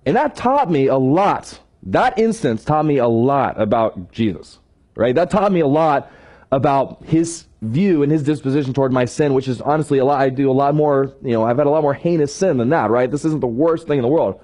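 A man sharing a personal story in a sermon, animated and self-deprecating, often tagging his sentences with questions. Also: mid-range voice, a little fast. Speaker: church staff member sharing a testimony.

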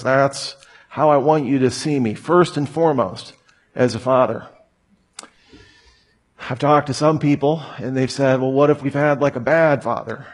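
Man in his thirties, preacher, conversational sermon, storytelling with humor, mid-pitched voice.

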